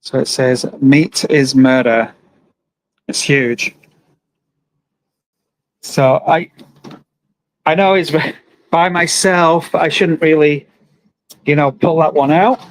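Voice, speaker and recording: Earnest man livestreaming outdoors, high voice. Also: slow, pauses often, low-quality recording. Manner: earnest, emotional, talks to viewers and reads comments aloud. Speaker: livestreamer at an animal rights vigil. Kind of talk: live-streamed casual monologue. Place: outdoors by a roadside with passing trucks.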